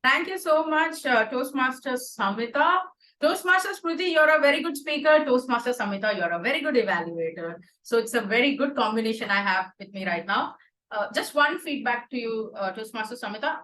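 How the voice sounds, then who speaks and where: A woman with an Indian English accent hosting an online club meeting and giving warm, expressive feedback. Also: on the high side, a little fast, echoey room, poor audio. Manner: warm, expressive, praising then suggesting. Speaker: meeting host, Toastmaster of the day.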